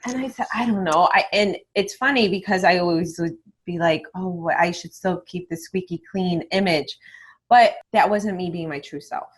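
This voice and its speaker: A woman with a somewhat low voice talks on a podcast as a guest in candid, lively conversation. She swears without fuss and drops into quick acted-out snippets of past conversations, then carries straight on. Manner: candid and animated, swears freely; acts out remembered conversations. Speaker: guest, online marketing mentor. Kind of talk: casual interview talk.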